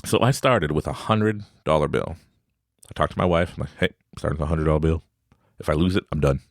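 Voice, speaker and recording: Man, low voice, animated storytelling with laughter, dry close sound. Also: brisk, gravelly, no room sound. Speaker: podcast host. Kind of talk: casual storytelling.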